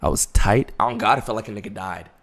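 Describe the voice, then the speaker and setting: A young man telling a long story to his chat in a casual, profane way, swinging from hushed to laughing. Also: on the low side, fast.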